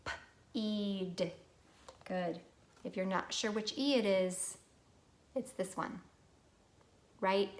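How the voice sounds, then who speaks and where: A woman's voice: mid-range voice, slow pace, pauses often. A woman teaching a recorded phonics lesson to young children, patient and prompting them to repeat words.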